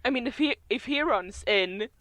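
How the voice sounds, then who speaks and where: A tabletop player rambles through their thoughts, laughing as they go. The voice is bright and crisp, mid-pitched, and recorded close and dry. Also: expressive, normal speed, no echo. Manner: giggly, rambling. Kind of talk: casual tabletop game chat.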